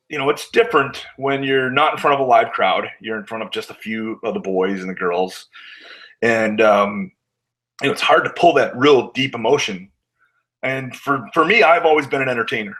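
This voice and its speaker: A man's voice: medium pitch, a bit bright, low-quality recording. A man, a wrestler guest, telling candid stories in a casual interview, acting out what others said and swearing now and then.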